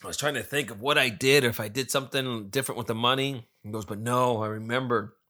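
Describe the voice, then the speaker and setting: A man's voice: mid-range voice, fast, bright, forceful tone. Rambling, cursing man telling a story. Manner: profane, rambling, acts out quoted friend; loses track and corrects himself. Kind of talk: casual storytelling.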